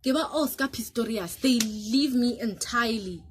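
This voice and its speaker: Animated South African woman telling a story. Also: on the high side, normal speed, slight background noise. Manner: animated, switches between English and local languages. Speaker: vlogger. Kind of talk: casual storytelling to camera.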